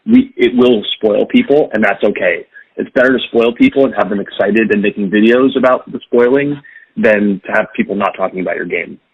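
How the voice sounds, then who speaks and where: A man's voice: lowish voice, brisk, slightly rough. A man who directs a game studio, answering interview questions in a candid, reflective way and thinking aloud. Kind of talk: casual podcast interview. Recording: dull lo-fi dry sound.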